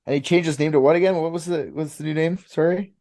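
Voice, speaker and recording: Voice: medium pitch, steady tone, quick pace, mellow. A podcast co-host making joking, offhand remarks in casual chat.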